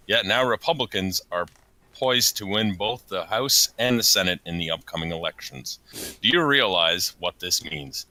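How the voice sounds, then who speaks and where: A man's voice: on the low side, pushed and bright, dry recording, low-quality recording. A man voicing a stern, pompous male head of state with a mock-serious, lecturing delivery.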